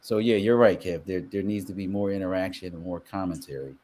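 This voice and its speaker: A real estate broker talking casually on a live show, telling stories and acting out what people said. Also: male voice, low voice, a little fast. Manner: animated storyteller, acts out quotes.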